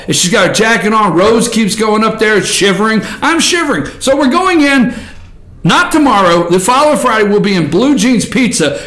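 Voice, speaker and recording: A man's voice: high voice, echoey room. A man hosting a morning talk show, rambling and joking, often raising his voice. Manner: rambling, animated, jokey, often shouting. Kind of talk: casual talk show monologue.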